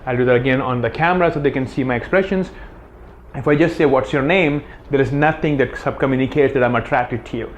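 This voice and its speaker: Fast-talking earnest man coaching. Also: medium pitch, a little hiss or hum. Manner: earnest, explaining with demonstrations. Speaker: dating coach. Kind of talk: instructional talk to camera.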